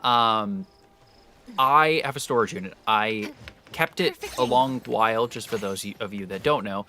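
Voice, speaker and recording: Bright-voiced young man, rambling story. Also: on the low side, unhurried, slight background noise. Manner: animated, rambling, swears freely. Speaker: live game streamer. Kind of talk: casual storytelling to live chat.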